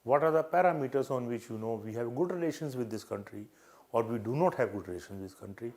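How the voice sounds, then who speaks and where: A man's voice: mid-range voice, lively intonation, quick pace, darkish tone. Older Indian-English man coaching earnestly. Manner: earnest, repetitive, acts out interview exchanges. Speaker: interview coach. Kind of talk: live advice session.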